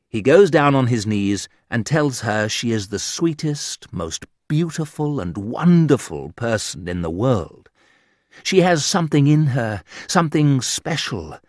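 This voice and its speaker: Slow, lively-pitched ironic male reader. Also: dry recording, studio quality. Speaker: narrator. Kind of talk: reading a humorous essay aloud.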